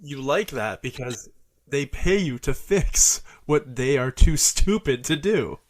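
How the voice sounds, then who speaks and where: A man's voice: medium pitch, expressive, slow pace. A man hosting a casual podcast, asking curious follow-up questions and swearing casually. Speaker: podcast host.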